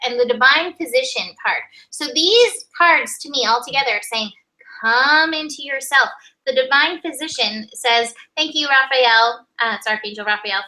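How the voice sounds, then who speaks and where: A woman co-hosting a weekly tarot and astrology reading, chatty and animated, often acting out little quoted voices. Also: high voice, poor audio. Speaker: tarot reader co-host.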